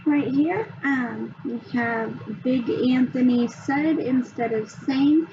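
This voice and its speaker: Slow, hesitant woman presenting. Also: sits high. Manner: slow, hesitant, many ums. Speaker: student presenter. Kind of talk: explaining a reading assessment. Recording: dull lo-fi sound, faint background hum.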